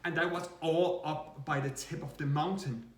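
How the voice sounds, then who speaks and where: A man co-hosting a reaction video, telling a story in a casual, animated way and laughing often. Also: on the high side, moderate pace, roomy sound, recorded from a distance. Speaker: reaction channel co-host.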